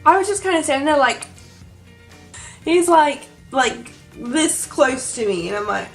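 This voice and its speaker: A young woman tells a vlog story, gushing and breathless, with "like" in nearly every line. Her voice sits high. Faint music plays under her talk. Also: expressive, measured pace. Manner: gushing, breathless, heavy use of "like". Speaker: vlogger.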